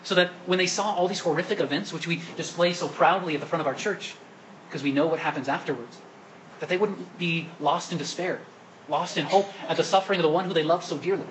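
A man's voice: fairly high pitch, a bit bright, a little hiss or hum, low-quality recording. A man preaching a sermon at Mass as the priest, asking the congregation questions and coaxing them to answer. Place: church during Mass.

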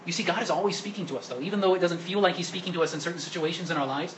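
A man's voice: high voice, rapid-fire, slight background noise, poor audio. A man preaching a sermon at Mass as the priest, asking the congregation questions and coaxing them to answer. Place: church during Mass.

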